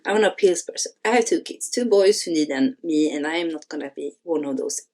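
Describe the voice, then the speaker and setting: A woman's voice: low-pitched, animated, a little fast, a little mellow. A woman reading the lines of a weary, guarded widowed mother who speaks bluntly and with exasperation.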